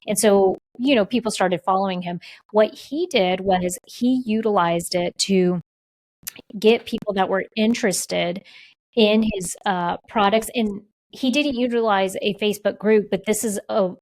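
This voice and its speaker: A woman's voice: mid-range voice, unhurried, darkish tone, rough recording. A woman co-hosting a podcast in a casual, conversational chat with a playful teasing side. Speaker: podcast co-host.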